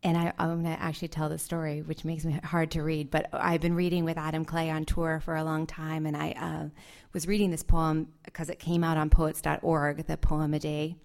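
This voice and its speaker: A woman poet giving a live reading of her poems, soft and measured, with hesitant asides between them. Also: low-pitched, monotone, gravelly. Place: live reading event before an audience.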